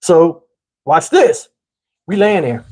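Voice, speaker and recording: A man telling a comedic story, jumping up high in pitch whenever he quotes himself. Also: slow pace. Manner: animated, jumps up high for quoted lines.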